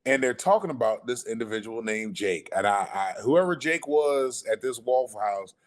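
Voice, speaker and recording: A man telling a story casually on a podcast, animated and profane, acting out the people he quotes. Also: mid-range voice, moderate pace. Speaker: podcast guest.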